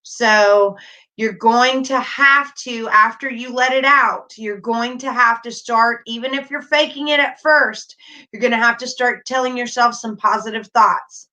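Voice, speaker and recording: A middle-aged woman hosting a casual livestream, talking warmly and reassuringly while reading chat comments aloud. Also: a little high, unhurried. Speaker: livestream host.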